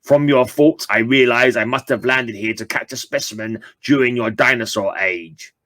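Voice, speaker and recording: A man voicing a calm male alien who collects beasts for a zoo, speaking slowly and formally. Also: medium pitch, no room sound, close to an everyday voice. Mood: solemn. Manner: slow, measured and formal.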